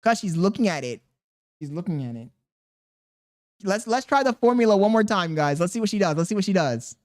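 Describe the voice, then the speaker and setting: Speaking a little fast with lively intonation and a high voice, a man on a casual livestream talks baby talk to an infant. He reads out viewer messages between comments and banters using crude, loose slang.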